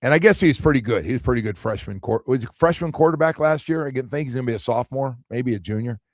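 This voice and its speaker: Animated sports radio host, man. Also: medium pitch, quick pace, dry recording, studio quality. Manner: animated storytelling, acts out quotes. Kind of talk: casual sports talk.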